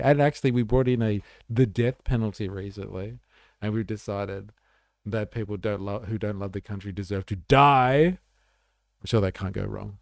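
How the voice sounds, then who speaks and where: A man's voice: fairly low pitch, fairly even intonation, normal speed, vocal fry, dry recording, studio quality. A man hosting a livestream, reacting to chat in a laid-back, rambling way with swearing and fillers. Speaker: livestream host.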